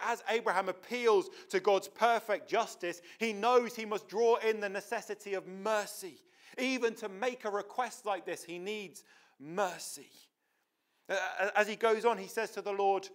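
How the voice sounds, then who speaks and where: A man's voice: high-pitched, steady tone, normal speed. A man preaching a sermon in a church, earnest and emphatic, often restarting his words.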